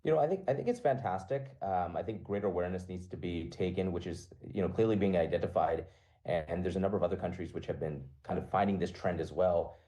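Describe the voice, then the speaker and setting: Man, doctor guest on a video call, deep voice, talks fast. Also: dark tone, muffled recording. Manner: quick, earnest, with fillers and restarts. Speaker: physician guest. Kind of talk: remote radio interview.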